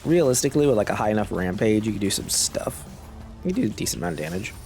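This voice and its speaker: A low, gravelly-voiced man thinking aloud through a game run, his throat sore and a cough drop in his mouth. He talks in an easygoing, unhurried way, and faint game music plays underneath. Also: very animated, a little mellow. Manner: low-key, musing aloud while playing. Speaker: gaming channel host. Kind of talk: casual gameplay commentary.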